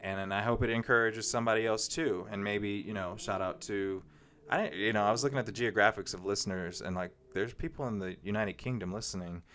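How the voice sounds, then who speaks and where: A man's voice: on the low side, a little fast, a bit bright. A man hosting a solo podcast, talking in a rambling, reflective way with frequent fillers. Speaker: podcast host. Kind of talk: casual solo podcast monologue.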